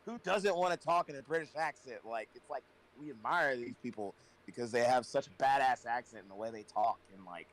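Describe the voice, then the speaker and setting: A man's voice: medium pitch, fairly quick, low-quality recording. A man from a rock band, guesting on a podcast, joking and swearing casually. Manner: playful, profane, jokey. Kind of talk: casual chat.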